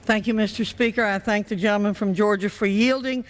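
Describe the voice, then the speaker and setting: A woman's voice: mid-range voice, fairly even intonation, a little fast. A congresswoman making a pointed, polite objection on the floor of a large legislative chamber. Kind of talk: floor debate speech. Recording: long reverb of a large chamber.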